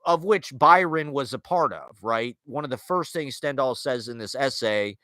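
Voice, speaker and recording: A man's voice: mid-range voice, animated, moderate pace, sharp tone, no echo. A man talking through ideas in a casual, rambling monologue, full of fillers, restarts and wry asides. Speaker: podcast host. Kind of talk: casual monologue on literature and culture.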